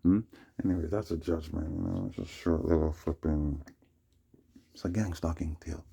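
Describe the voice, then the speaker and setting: Gravelly deep-voiced man rambling. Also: warm tone. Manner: meandering, fills with "you know what I'm saying" and "man". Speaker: vlogger. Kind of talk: rambling personal storytelling.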